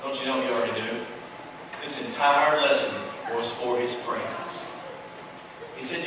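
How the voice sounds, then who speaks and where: A man, preaching a sermon in a folksy, animated way, with playful asides. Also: medium pitch, unhurried, long pauses, noisy background. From Texas. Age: 30s. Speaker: pastor. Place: church hall. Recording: echoey church hall, far from the mic.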